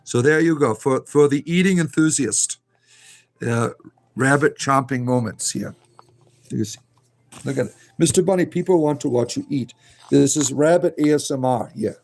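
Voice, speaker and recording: A man's voice: medium pitch, normal speed, a little mellow. A man hosting a casual live stream, chatting playfully and coaxing his pet rabbits in a sing-song voice. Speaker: livestream host. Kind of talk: casual live chat with pets.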